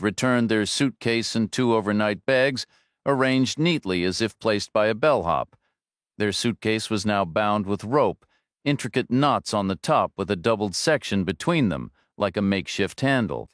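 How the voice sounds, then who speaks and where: Low-voiced male audiobook narrator. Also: lively intonation, normal speed, dry recording. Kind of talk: scripted narration. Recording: dry close studio read.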